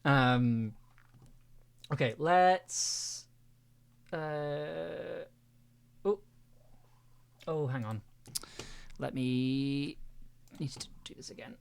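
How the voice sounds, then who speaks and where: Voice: mid-range voice, very slow, gravelly, long pauses, clear, resonant tone. A livestream host chatting casually with a guest and laughing often.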